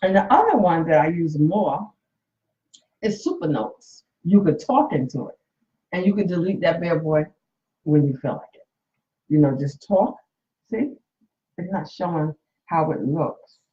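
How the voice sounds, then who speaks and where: A woman's voice: on the low side, animated, unhurried, pauses often, warm tone. Woman near sixty, candid and emotional, live-stream chat from phone, roomy dull sound. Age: 50s. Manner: candid and emotional, speaks to viewers directly. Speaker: coach and nurse hosting a live stream. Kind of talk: casual live-stream talk.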